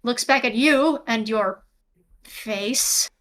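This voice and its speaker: A woman's voice: a little high, slow, a bit bright. A woman narrating a tabletop game as game master over a video call, descriptive and prone to self-corrections.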